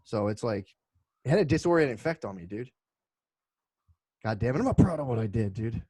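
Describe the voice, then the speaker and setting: A man's voice: medium pitch, very animated, fairly quick, noisy background. A young man co-hosting a comedy podcast, rambling through stories with lots of swearing. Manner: rambling storytelling, heavy swearing. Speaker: podcast co-host. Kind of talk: casual comedic chat.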